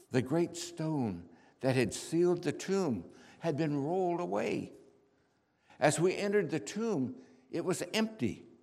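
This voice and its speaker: A man preaching a dramatic first-person sermon monologue, slow storytelling that drops to hushed tones and bursts out loud. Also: fairly high pitch. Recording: reverberant hall.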